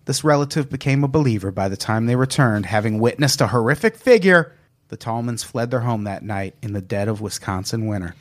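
Male podcast host, animated storyteller, lively pitch, casual. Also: brisk. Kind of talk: casual chat, reading out stories.

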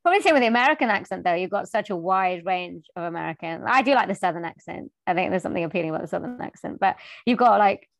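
A woman's voice: lowish voice, lively intonation, fast talker, vocal fry, hardly any pauses, no echo. Chatty British woman, dry sound. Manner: chatty, laughs often. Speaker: guest, voiceover artist and singer. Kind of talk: casual chat.

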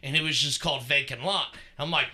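A man co-hosting a podcast tells a story casually, speaking a little fast at a medium pitch with fairly even intonation and a sharp tone. He swears without restraint and rambles, using lots of fillers.

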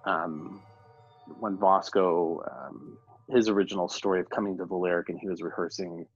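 A man recounting a theater ghost legend in a halting, casual way, with fillers. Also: sits low, fairly even intonation, breathy edge, lo-fi sound, soft background music.

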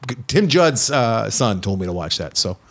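A man hosting a film podcast in casual chat, excitable and teasing his co-hosts. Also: lowish voice, normal speed.

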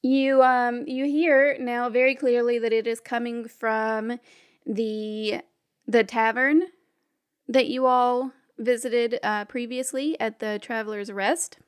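Slow, smooth-voiced woman game master. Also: on the high side, steady tone. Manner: descriptive, unhurried, with fillers. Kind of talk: narrating a tabletop game.

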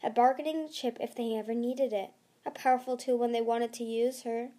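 A woman voicing a scheming female desert dragon who speaks smoothly, with a purr. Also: a little high, fairly even intonation, a little fast, warm tone, lightly acted. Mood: silky. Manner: smooth, purring.

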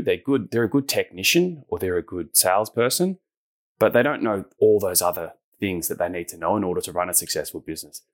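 An easygoing Australian man in his forties, with a low voice. He talks in a relaxed, friendly way and laughs easily as an interview guest. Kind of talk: casual interview chat.

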